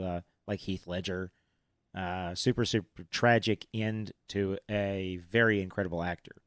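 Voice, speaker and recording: Low, smooth-voiced podcast host, a man. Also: no room sound, clean studio sound. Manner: rambling, many fillers and restarts. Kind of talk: casual movie chat.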